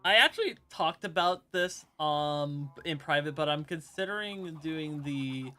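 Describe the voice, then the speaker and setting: Low voiced woman on a game stream, bright and bouncy, jokey. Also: unhurried. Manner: animated, joking, playful. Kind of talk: casual gaming stream chat.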